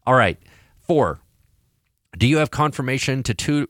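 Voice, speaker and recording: A man who is a pastor and podcast co-host, telling stories in a casual, animated way, acting out quoted voices. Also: medium pitch, normal speed, no room sound, clean studio sound. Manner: animated storyteller, acts out quoted voices, frequent restarts.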